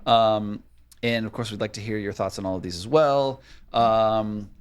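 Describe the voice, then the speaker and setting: A man's voice: lowish voice, steady tone, moderate pace. A man co-hosting a casual podcast chat, reading out a list and riffing on it with blunt, offhand swearing. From Minnesota. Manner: swears casually, reads list items then riffs. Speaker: podcast co-host.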